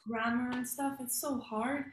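Young woman, from France, student, casual chat, higher pitch, roomy echo. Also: steady tone, a little slow. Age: young adult. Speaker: university student. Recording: echoey room with faint noise.

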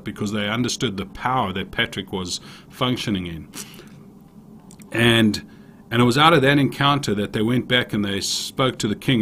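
A man with a fairly low voice preaches in an earnest, searching way, often circling back to restart a phrase. He tells an old story and reads prayers aloud. A faint hiss of noise sits under the recording. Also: fairly bright tone. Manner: earnest, with frequent restarts and repeated words. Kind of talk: sermon with storytelling and read prayers.

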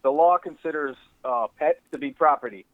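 A man's voice: on the high side, a little fast, no room sound, narrow, tinny audio. A man co-hosting a podcast in casual chat, ranting with lots of swearing and filler words. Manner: animated, ranting, swears a lot. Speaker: podcast co-host.

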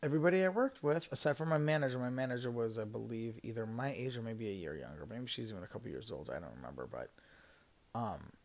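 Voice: mid-range voice, lively intonation, quick pace. A podcast host in their thirties telling a work story in a rambling, casual way, with lots of fillers, self-corrections and swearing. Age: 30s.

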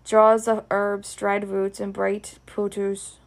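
A Scottish woman reads a children's story aloud in broad dialect. Her voice is gravelly and her pace slow and deliberate, at a middling pitch. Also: monotone. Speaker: reader. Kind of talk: storybook reading.

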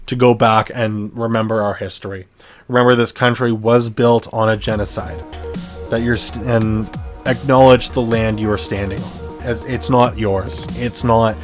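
A young man from Canada hosting his own podcast, ranting bluntly with heavy swearing and frequent restarts. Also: medium pitch. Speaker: podcast host. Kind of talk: solo podcast rant.

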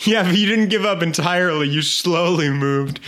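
A man's voice: a little high, normal speed, fairly bright tone. A man co-hosting a podcast, joking and reacting in casual chat. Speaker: podcast co-host.

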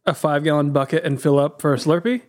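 A man's voice: a little high, fairly even intonation, fast talker, a little mellow. A man co-hosting a podcast in casual chat, a playful storyteller who acts out the people he quotes. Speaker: podcast co-host.

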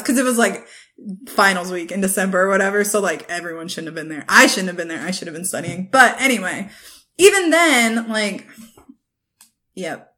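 A young woman co-hosting a casual chat, telling animated stories and acting out quotes with laughter. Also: medium pitch, moderate pace. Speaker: podcast co-host.

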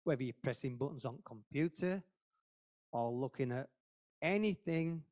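A man's voice: medium pitch, lively intonation, moderate pace, a little mellow. A man giving an informal, earnest sermon to a church group, talking conversationally and repeating phrases for emphasis. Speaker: lay preacher at a church meeting.

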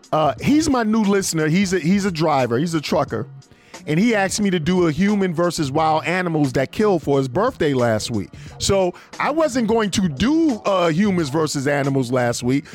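Male internet radio host, higher voice, very lively delivery, slangy banter, light music bed. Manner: animated, reads listener messages aloud with slang. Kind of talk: casual radio show banter.

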